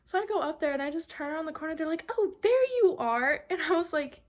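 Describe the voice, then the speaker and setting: A young adult art student vlogs casually about her week in a high-pitched, steady voice at a very fast pace. Her chatty storytelling is full of filler words, especially "like."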